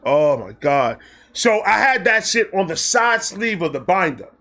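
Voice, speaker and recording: A man telling a personal story in a casual vlog, excitable, animated and full of profanity. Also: sits high, unhurried. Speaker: storyteller host.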